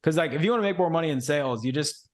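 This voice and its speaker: A man's voice: fairly high pitch, lively intonation, very fast. A man in his twenties, a podcast guest telling a story in loose, slangy casual chat full of "like" and "bro". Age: 20s.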